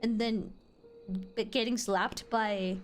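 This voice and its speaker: A woman's voice: on the high side, fairly even intonation, slow, soft background music. A young adult woman streaming a game, chatting casually with her chat in a rambling, giggly way full of fillers.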